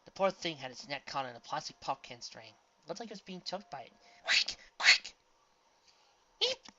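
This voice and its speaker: A woman reading a fan fiction story aloud with expressive storytelling. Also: deep voice, fast, dull audio, very noisy. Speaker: reader.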